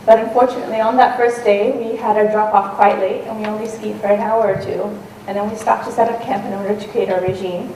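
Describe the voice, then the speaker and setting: A woman adventurer tells a story on stage in a roomy hall, talking fast with few pauses. Her medium-pitched voice is a little mellow and fairly even in intonation, conversational with frequent ums and restarts. The recording sounds distant and roomy, with faint noise.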